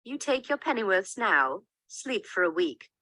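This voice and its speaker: A man doing a high, fussing old nurse. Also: big pitch swings, a little slow, pushed and bright, no room sound, full character voice, poor audio. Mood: teasing. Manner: teasing, then wailing in alarm. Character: fussing old female nurse, teasing then grief-stricken. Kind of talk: dramatic reading of a play.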